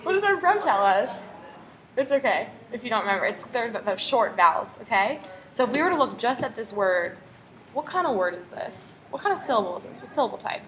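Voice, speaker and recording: A woman's voice: a little high, big pitch swings, fairly quick, a bit bright, a little hiss or hum. A woman teacher tutoring one pupil in phonics, patient and encouraging, asking question after question. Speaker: reading teacher.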